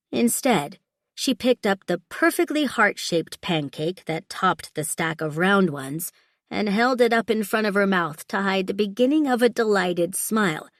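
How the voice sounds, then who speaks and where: Brief: woman narrator, audiobook reading, lowish voice, dry close recording. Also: no room sound. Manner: steady, measured storytelling. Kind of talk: scripted narration.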